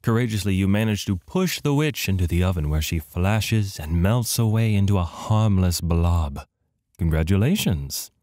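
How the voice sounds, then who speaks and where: A man narrates a let's play of an adventure game, poking fun at himself and reading the game text aloud. His low-pitched voice is warm and expressive, at a normal speed. The recording is dry and studio quality.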